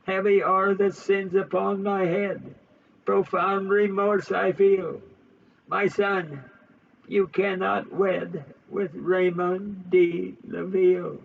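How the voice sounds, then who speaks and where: A man's voice: sits high, flat delivery, slow pace, vocal fry, distant mic, phone-quality sound, pitched above the performer's own voice, full character voice. A man voicing a remorseful aging French nobleman father, speaking in a solemn confessional tone.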